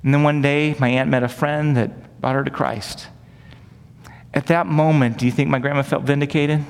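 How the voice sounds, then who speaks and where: Pastor, male, mid-pitched, earnest conversational sermon style, long hall reverb. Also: level tone, brisk, vocal fry, clean tone. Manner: earnest, conversational preaching with rhetorical questions. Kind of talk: sermon teaching.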